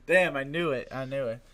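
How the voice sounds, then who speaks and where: A man's voice: medium pitch, unhurried, a crowd in the background. Rambling, laugh-prone male host. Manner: laughing often, swearing, rambling. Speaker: podcast host. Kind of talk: casual chat.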